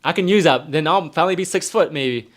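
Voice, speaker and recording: A man's voice: a little high, a little fast, a bit bright. A young man, a nurse casually answering viewer questions on a live stream, rambling and repeating himself. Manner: rambling, repeats himself, reads chat aloud.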